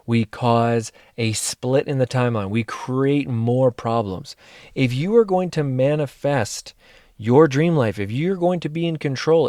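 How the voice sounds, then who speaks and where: A man's voice: medium pitch, darkish tone, no room sound, clean studio sound. A man coaching his listeners in a motivational monologue, speaking directly and earnestly and repeating phrases for emphasis. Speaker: life coach and mentor.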